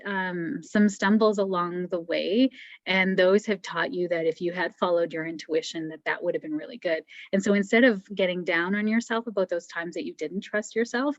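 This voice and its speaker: Woman, lower voice, gentle encouraging reader, dry close sound, dull lo-fi call audio. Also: no echo. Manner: gentle, encouraging, thinks aloud with fillers. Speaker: psychic medium guest. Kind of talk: intuitive reading, conversational.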